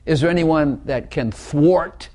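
A man's voice: on the high side, measured pace, warm tone. A man preaching an informal sermon, talking conversationally, repeating phrases and putting questions to his listeners.

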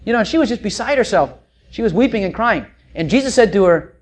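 Folksy preacher swinging loud and soft. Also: medium pitch, fast. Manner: folksy, animated storytelling with joking asides; swings between loud bursts and quiet asides. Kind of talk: sermon, Bible teaching.

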